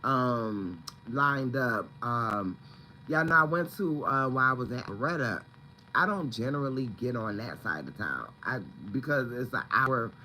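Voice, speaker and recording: Talkative guy doing a casual livestream from home, super bright sharp tone, voice jumps all over. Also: medium pitch, animated, unhurried, slight background noise, low-quality recording. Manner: chatty, rambling, greets viewers by name. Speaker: livestream host. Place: at home, indoors.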